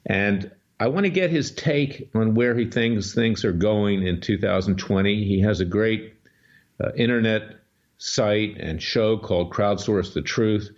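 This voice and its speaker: A man's voice: lowish voice, a little slow. A man hosting a political talk radio show and speaking as a lawyer, with an emphatic, scornful, combative delivery. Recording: dull lo-fi radio audio.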